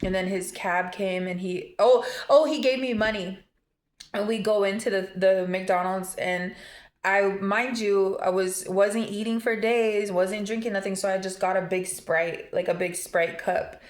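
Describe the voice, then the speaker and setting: Woman vlogger, mid-pitch, emotional rambling storyteller, roomy echo. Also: fairly even intonation, measured pace. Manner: emotional, rambling storytelling with many fillers and restarts. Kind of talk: casual storytime vlog.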